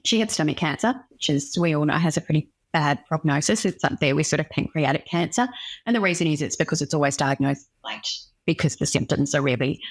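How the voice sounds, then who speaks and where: A young woman, a doctor speaking as a guest in an interview, telling a personal story frankly and with emotion. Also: low-pitched. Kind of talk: candid interview conversation.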